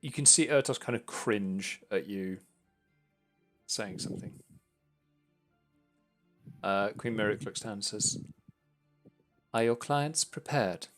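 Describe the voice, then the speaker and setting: Slow, hesitant man narrating a game. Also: on the low side, faint music behind. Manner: hesitant, filler-heavy descriptions. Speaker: game master.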